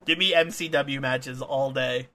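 A man's voice: medium pitch, steady tone, a little slow, sharp tone, a little hiss or hum. A young man co-hosting a casual podcast, enthusiastic and jokey, often laughing between his lines. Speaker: wrestling podcast co-host.

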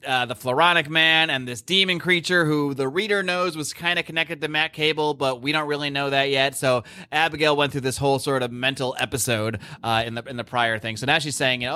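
A man's voice: medium pitch, fairly even intonation, brisk, sharp tone, clear, resonant tone, no room sound. A man hosting a podcast, recapping a comic book issue in casual chat with many fillers and restarts. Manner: recaps plot animatedly, lots of fillers and restarts. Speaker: podcast host.

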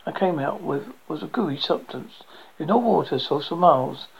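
Reader doing a pessimistic man, blunt and grim, gravelly. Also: mid-range voice, expressive, normal speed, a little hiss or hum, low-quality recording. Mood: bitter. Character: bitter, pessimistic man, quick to snap.

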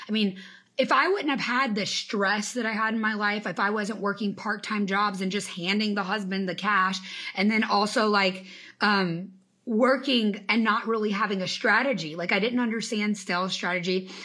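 A business coach and podcast host in her thirties gives an emphatic motivational talk infused with faith on a live stream, greeting viewers by name. Her mid-range voice is bright and forceful, with fairly even intonation and a moderate pace.

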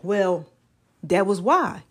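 A woman hosting a solo podcast, talking casually and warmly to her listeners, testifying about her life and calling them y'all and child. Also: mid-range voice, lively intonation, slow pace, husky. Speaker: podcast host.

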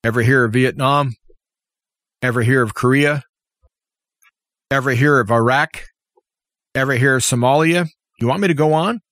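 A man's voice: medium pitch, normal speed, long pauses, fairly bright tone, no echo, clean studio sound. A man giving an impassioned, opinionated political commentary monologue as a talk show host, full of rhetorical questions. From United States.

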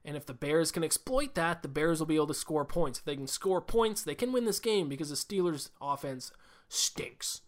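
A man hosting a casual solo podcast who talks quickly and rambles, with plenty of fillers and restarts. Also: a little high. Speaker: podcast host.

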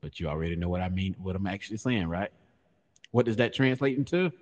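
Joking man, lively low voice. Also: fast talker, long reverb tail. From Southern US. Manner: joking, animated storytelling. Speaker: podcast co-host. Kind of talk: casual chat.

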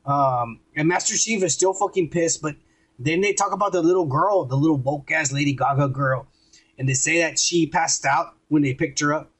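A man hosting a podcast in casual chat, retelling scenes in a profane, animated way. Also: on the high side, normal speed, husky, low-quality recording. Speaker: podcast host.

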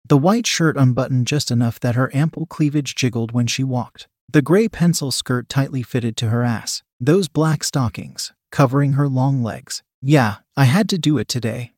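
A man reads a first-person story aloud in a measured, sardonic tone. His voice sits at an ordinary pitch, and the sound is dry and close. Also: darkish tone, no room sound. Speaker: narrator.

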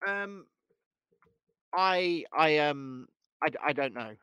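Animated high-voiced man. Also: slow, smooth, no echo. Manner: animated, stumbling restarts when unsure. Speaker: podcast co-host. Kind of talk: casual chat.

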